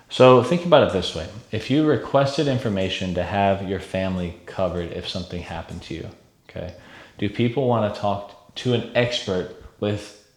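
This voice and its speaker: A man with a fairly low voice runs a sales training lesson in an energetic, coaching way, checking in with his listeners again and again. The sound has a noticeable echo, as if he were in a bare room. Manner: energetic, coaching, frequent "okay?" check-ins.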